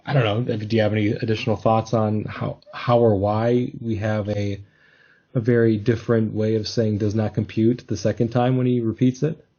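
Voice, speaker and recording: A man's voice: fairly low pitch, level tone, normal speed, dark tone, highs cut off. A man hosting a casual podcast discussion, talking thoughtfully and hesitantly with many restarts. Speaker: podcast host.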